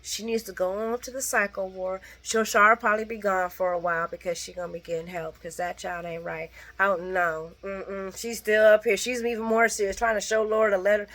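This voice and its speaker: Brisk and fairly bright, with fairly even intonation and few pauses, a woman recaps a soap opera in casual late-night chat. She's blunt and sassy, calls her viewers "girl" and "guys," and acts out characters' lines with big pitch jumps.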